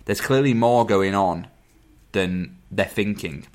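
A man's voice: lowish voice, slow pace. A man in casual chat, recapping a film plot at length and stumbling over some words. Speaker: podcast co-host.

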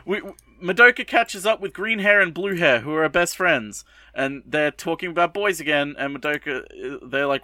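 A young man co-hosting a podcast, recapping an anime episode in a rambling, profane way and tossing in quick bits of mock dialogue. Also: on the high side, pushed and bright, no echo, clean studio sound. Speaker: podcast co-host.

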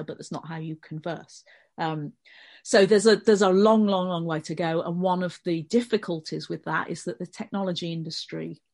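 A middle-aged woman with a Birmingham accent, talking through ideas at length as a guest in a casual podcast discussion. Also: lowish voice. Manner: conversational, explaining at length. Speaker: panel guest columnist.

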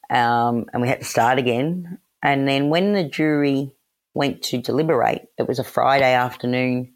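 A woman who is a guest on a podcast, telling a personal story in lively detail and acting out the remarks she quotes. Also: a bass voice. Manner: animated, acts out quoted exchanges, laughs.

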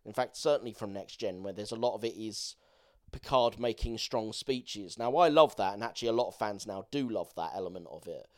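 A man's voice: on the low side, fairly quick. A man co-hosting a podcast, reviewing a film in casual, rambling chat and swearing now and then. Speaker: podcast co-host.

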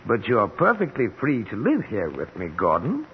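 A man playing a bitter, reclusive rich man in a 1940s radio drama, his voice hoarse, mocking, then defensive. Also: on the low side, wildly swooping pitch, moderate pace, heavily acted. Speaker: actor in an old radio drama. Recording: dull old radio broadcast recording with faint hiss.

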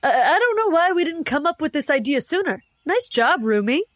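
A woman's voice: high voice, big pitch swings, brisk, a bit bright, no echo, clean studio sound. A woman voicing a blunt, cheerful goblin in a comedy sketch, matter-of-fact and giggly. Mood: upbeat. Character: blunt cheerful goblin roommate, proud of scaring people.

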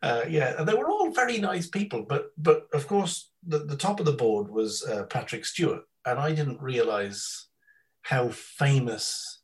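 Man, podcast guest, casual chat, rambling anecdotes, filler ums, middle pitch. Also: expressive, rough recording. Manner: chatty storyteller, many ums, slips into quick impressions.

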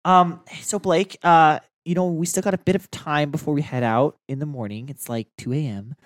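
A man's voice: on the high side, moderate pace, no room sound, studio quality. A man playing a tabletop game in a casual, joking way, laughing often. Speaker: player.

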